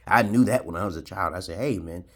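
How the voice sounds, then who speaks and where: A man's voice: low voice, fast, fairly bright tone. A man in his forties from Brooklyn, New York, telling a rambling story to camera and tagging his points with "okay?". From Brooklyn, New York, USA. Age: 40s. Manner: rambling, keeps adding "okay?", chuckles. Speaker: video blogger.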